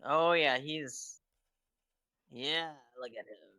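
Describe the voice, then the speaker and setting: A man's voice: a little high, takes it slowly, pushed and bright. A man co-hosting a live stream while drawing, talking casually and laid-back, trailing off mid-thought. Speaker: co-host and artist drawing live.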